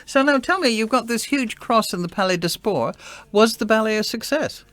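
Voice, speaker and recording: Bright eager female radio interviewer. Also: fairly high pitch, lively intonation, normal speed, no echo. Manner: eager, affirming listener. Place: radio studio.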